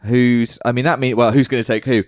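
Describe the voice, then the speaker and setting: A man's voice: medium pitch, flat delivery, fairly quick, no echo, clean studio sound. A man co-hosting a podcast, chatting casually in a playful, self-deprecating way. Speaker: podcast co-host. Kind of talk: casual chat.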